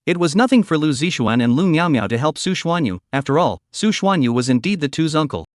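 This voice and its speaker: A man narrates a comic recap in a steady, even reading voice. His voice sits a little high for a man, recorded dry and close to the mic with no room sound. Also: brisk, no room sound.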